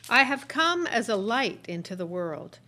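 Woman reading bible verses out loud, steady measured pace. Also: a little high. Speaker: scripture reader in Bible study. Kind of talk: reading scripture aloud.

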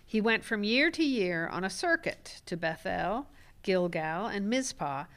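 A woman reading scripture aloud in a Bible study, with a clear and expressive delivery. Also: medium pitch, measured pace.

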